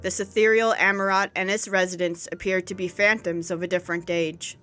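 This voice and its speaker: A woman's voice: on the low side, little pitch movement, fairly quick, bright, forceful tone, faint music behind. A woman voicing a grave, learned male mystic who talks in archaic, ornate language. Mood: solemn.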